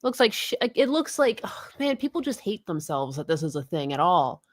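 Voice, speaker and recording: A woman's voice: lowish voice, very animated, fairly quick, dry recording, studio quality. A woman co-hosting a live stream, bantering casually, teasing and blunt, laughing often. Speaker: streamer co-host.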